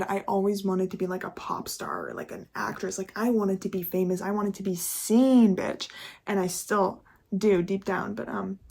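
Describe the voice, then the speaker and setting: A woman's voice: mid-range voice, vocal fry, a little mellow. A young woman talking candidly in a casual confessional vlog, chatty and full of swearing and laughter. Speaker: YouTuber.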